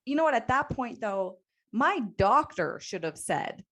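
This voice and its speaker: A woman's voice: on the high side, big pitch swings, measured pace, fairly bright tone. A woman in her thirties co-hosting a podcast, talking earnestly and emphatically, with a touch of sarcasm. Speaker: podcast co-host. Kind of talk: casual chat.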